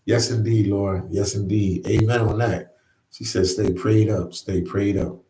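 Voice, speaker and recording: Casting: laid-back male livestream host, lowish voice, echoey room, chats loosely with viewers. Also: steady tone, a little slow, dark tone, a little hiss or hum. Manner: easygoing, repeats phrases, says "man" often. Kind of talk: casual live chat. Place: New York.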